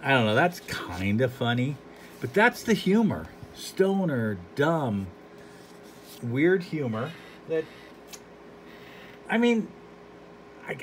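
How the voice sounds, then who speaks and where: A man's voice: mid-range voice, a little hiss or hum. A man giving a casual, rambling commentary on a comic book, dry and unimpressed, with frequent fillers and trailing thoughts.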